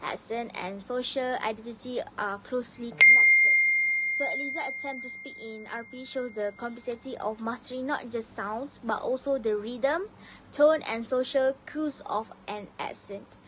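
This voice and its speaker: A young woman student reading a prepared class presentation, pausing often to collect herself and slipping on words now and then. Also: fairly high pitch, big pitch swings, very noisy. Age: young adult. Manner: reads carefully with frequent "uh" pauses and slips.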